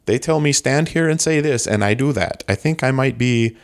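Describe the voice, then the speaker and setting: A man's voice: medium pitch, moderate pace, natural voice. A man doing a silly put-on foreign cousin character in a comedy podcast bit, with a wandering made-up accent. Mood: playful. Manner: broken, sing-song foreign-sounding accent that drifts. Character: goofy foreign cousin, male, cheerful and naive.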